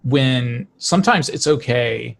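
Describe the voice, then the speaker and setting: A man hosting an interview podcast, talking in a relaxed, affirming way. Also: mid-range voice, slow pace, gravelly. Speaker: podcast host. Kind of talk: casual interview chat.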